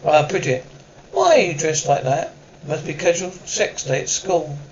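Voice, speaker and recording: A wisecracking, overprotective father of teenage daughters in a sitcom, tossing off dry, exasperated jokes. His voice sits a little high for a man. The sound is dull and lo-fi, like audio taken from a television broadcast. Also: very animated, unhurried, a little hiss or hum. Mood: sarcastic. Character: sarcastic, overprotective middle-aged dad of teenage girls. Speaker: sports writer father. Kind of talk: sitcom acting.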